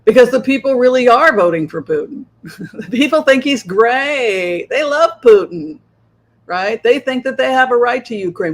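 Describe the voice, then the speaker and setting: A man's voice: very high voice, animated, normal speed. A man giving a solo political commentary as a psychic tarot reader, talking rhetorically, keeps asking "right?" and acting out other sides' views. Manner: acts out opposing viewpoints.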